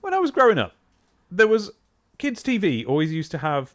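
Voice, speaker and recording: A man's voice: on the high side, wildly swooping pitch, normal speed, a bit bright. A man in his thirties, chatting casually and rambling while live-streaming a game. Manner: rambling, self-interrupting, chatty.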